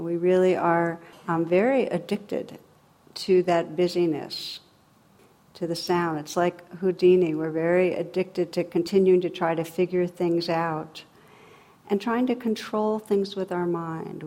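A woman giving a reflective talk on meditation in a relaxed, conversational way, with dry sarcasm and frequent laughs. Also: lowish voice.

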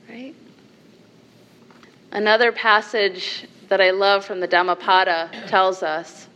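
Slow, measured woman giving a dharma talk. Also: medium pitch, steady tone. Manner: slow, measured, with soft laughs and rhetorical "right?". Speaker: Buddhist meditation teacher. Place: meditation hall with a group.

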